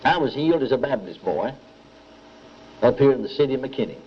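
A man's voice: medium pitch, brisk, lo-fi sound, slight background noise. An older man preaching a sermon, telling a story with acted-out dialogue and calling on the congregation for amens. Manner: animated storytelling, repeats dialogue, asks audience for amens.

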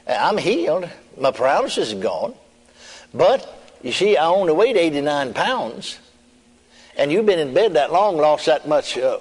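A man's voice: on the high side, breathy edge. A male preacher giving a testimony in a folksy storytelling manner, with chuckles and repeated asides to the congregation. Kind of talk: sermon testimony. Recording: long reverb in a hall.

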